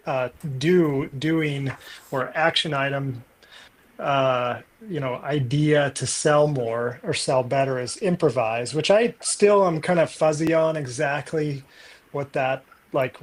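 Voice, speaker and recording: Thoughtful man rambling aloud. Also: medium pitch. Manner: rambling, thinking aloud with many fillers. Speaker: podcast co-host. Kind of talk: casual book discussion.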